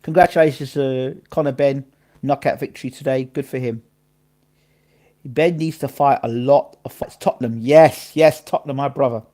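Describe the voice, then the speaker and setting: A man hosts a casual live boxing stream, sharing his opinions and shouting out viewers by name and location. He speaks at a medium pitch with fairly even intonation and a normal speed.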